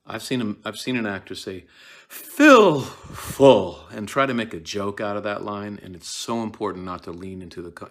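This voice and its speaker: A man giving a casual, animated lecture on a play, often acting out its lines. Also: sits low. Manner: conversational, animated, acts out lines.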